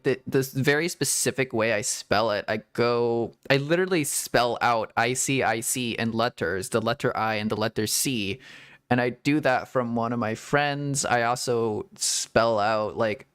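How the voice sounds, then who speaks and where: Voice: medium pitch, unhurried, a bit bright, clear, resonant tone, dry recording, studio quality. A VTuber streamer chatting casually and rambling through a game stream, full of "like"s, restarts and giggles. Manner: rambling, filler-heavy talk with many "like"s and restarts; frequent giggling. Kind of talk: casual gaming stream chat.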